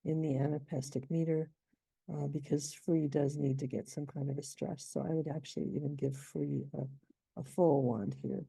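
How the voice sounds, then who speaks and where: Low, gravelly-voiced woman explaining poetic meter. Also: little pitch movement, dark tone, no echo. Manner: thoughtful, measured, with slow chanted poem reading. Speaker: poet teaching meter. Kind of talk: reading a poem and explaining its scansion.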